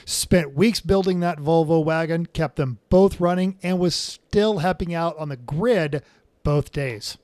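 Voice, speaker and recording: A man's voice: on the high side, unhurried, a little mellow, no room sound. A man co-hosting a casual car-racing podcast, telling stories in an upbeat, joking way. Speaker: podcast co-host. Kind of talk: casual chat.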